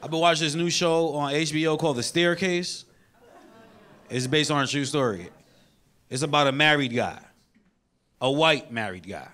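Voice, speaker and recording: A man in his thirties from New York, with a New York accent, doing an animated stand-up set and acting out the people he quotes. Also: a little high, moderate pace, pauses often. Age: 30s. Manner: animated, acts out quoted characters in loud bursts. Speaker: stand-up comedian. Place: comedy show with live audience. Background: audience laughter.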